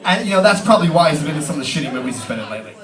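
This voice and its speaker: A man's voice: a little high, lively intonation, racing, fairly bright tone. Rambling male comic in a roomy pub. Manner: rambling, filler-heavy, casual storytelling. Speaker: stand-up comedian. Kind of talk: stand-up comedy set. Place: pub stage. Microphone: distant camera. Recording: roomy pub sound from a distant mic.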